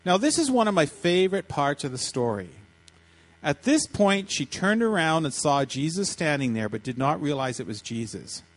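A man preaching a sermon, retelling a story in lively, animated fashion and acting out the voices with frequent restarts. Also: on the high side, moderate pace, rough recording. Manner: animated, acts out voices in quotes, many restarts. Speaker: pastor.

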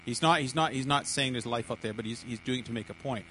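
A man's voice: medium pitch, quick pace, fairly bright tone, slight background noise, low-quality recording. A man preaching a sermon to a congregation, often stumbling, repeating words and restarting sentences.

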